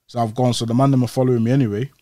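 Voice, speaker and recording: A man tells his story in a casual interview, talking in street slang and retelling events with energy. His voice sits at an ordinary pitch and comes across close and dry, with no room echo. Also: steady tone, very fast, warm tone. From Old Trafford, Manchester, England. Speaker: interview guest.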